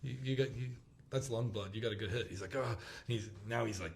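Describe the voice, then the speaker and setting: A man in his thirties telling a hunting story in casual chat, acting out the quotes with quick laughs. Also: fairly low pitch, gravelly. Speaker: podcast host. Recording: roomy with faint background noise.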